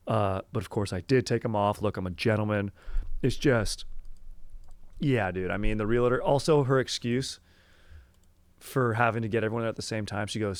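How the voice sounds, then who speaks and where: A young man hosting a casual comedy podcast, excitable, swearing and saying "dude" often. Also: lowish voice, moderate pace, pauses often, no room sound. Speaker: podcast host. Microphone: headphones on.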